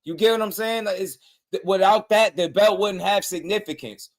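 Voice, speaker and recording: A man's voice: sits high, normal speed. Blunt slangy man reacting to boxing. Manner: blunt, slangy, repeats himself for emphasis. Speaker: boxing channel host. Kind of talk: casual reaction commentary.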